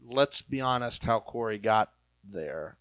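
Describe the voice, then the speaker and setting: A man's voice: fairly low pitch, expressive, unhurried, fairly bright tone, no room sound, low-quality recording. A man co-hosting a casual podcast, chatty and gossipy, often acting out what others say. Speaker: podcast co-host. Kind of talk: casual chat about reality TV.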